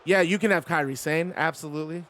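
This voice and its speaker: A man's voice: fairly high pitch, quick pace, a bit bright. A man streaming a wrestling video game, giving play-by-play commentary and chatting with viewers in between.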